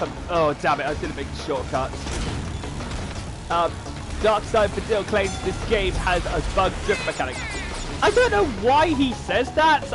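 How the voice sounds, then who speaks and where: A young man streaming a racing game, chatting to his viewers in a rambling, stop-start way while he plays. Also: high-pitched. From United Kingdom. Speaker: gaming streamer. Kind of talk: live gameplay commentary. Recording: game music loud under the voice. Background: loud racing game music.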